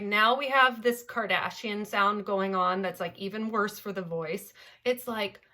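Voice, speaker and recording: Bright, lively woman voice teacher from Southern California. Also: mid-range voice, a little slow. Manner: animated, playful, demonstrates with gibberish singing sounds. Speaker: voice teacher, guest. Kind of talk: podcast interview, explaining.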